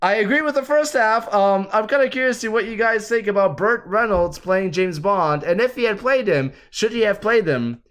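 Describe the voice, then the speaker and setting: A man hosting a casual film chat, animated and quick to laugh. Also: high-pitched. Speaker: podcast host.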